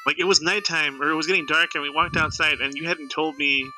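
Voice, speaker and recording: A man's voice: on the high side, steady tone, quick pace, sharp tone, faint music behind, rough recording. A young man co-hosting a podcast in casual chat, talking in a teasing way and often stumbling through restarts. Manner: chatty, teasing, stammers on restarts. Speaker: podcast co-host.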